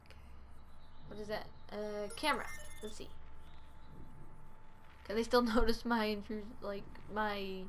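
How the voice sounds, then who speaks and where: A woman's voice: medium pitch, flat delivery, measured pace, pauses often, a bit bright, slight background noise. A woman casually commenting as she plays a video game, chatty and giggly, often laughing and breaking into playful exclamations. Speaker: gaming channel host. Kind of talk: let's play commentary.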